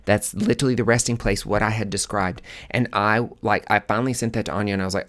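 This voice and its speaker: A man hosting a podcast, telling a personal story in a casual, animated way, acting out his own past reactions and swearing freely. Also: lowish voice, quick pace. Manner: animated, dramatic retelling with swearing and quoted asides. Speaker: podcast host.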